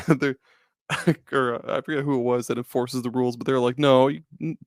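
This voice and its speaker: A man at mid pitch chats casually as a podcast host, swearing freely and breaking into laughs. He restarts sentences as he goes. The sound is dry and close, with no room echo. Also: little pitch movement, a little fast. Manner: loose, profane and laughing, with frequent restarts. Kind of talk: casual chat.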